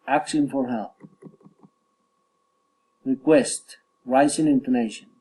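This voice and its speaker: A man reading English pronunciation drills aloud, word by word, carefully and deliberately. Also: mid-range voice, steady tone, mellow, rough recording. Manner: careful, deliberate, each item spoken separately. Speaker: reader practicing English pronunciation. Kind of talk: slow reading of word lists and drill sentences.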